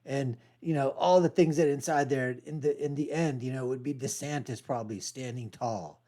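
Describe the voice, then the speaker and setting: A man's voice: medium pitch, normal speed, dark tone. Chatty laughing man reacting to a clip. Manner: chatty, laughs often, mocking asides. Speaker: reaction video host. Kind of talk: casual reaction commentary.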